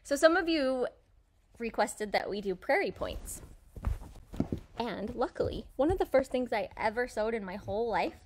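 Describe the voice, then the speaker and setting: A woman hosting a casual live stream from a quilt shop, chatty and quick to laugh. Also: fairly high pitch, lively intonation, slight background noise.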